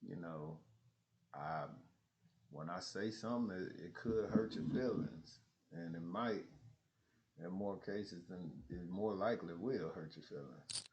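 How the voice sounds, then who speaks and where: Blunt, gravelly-voiced man ranting. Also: sits low, unhurried, lo-fi sound. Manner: blunt, profane, laughs often; animated storytelling. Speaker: streamer. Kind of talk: casual monologue.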